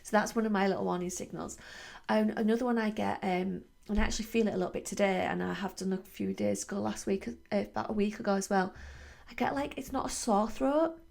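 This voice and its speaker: Gravelly woman chatting. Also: mid-range voice, fairly even intonation, fast, a little mellow. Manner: chatty, many fillers and restarts. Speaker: podcast host, wellbeing coach. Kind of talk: casual reflective monologue.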